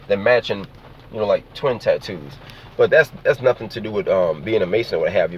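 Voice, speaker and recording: A man's voice: on the low side, slight background noise. A man from New Orleans talking casually to his camera in a loose, profane, rambling way, often checking in with "you see what I'm saying.". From New Orleans, Louisiana. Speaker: vlogger. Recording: dull lo-fi sound.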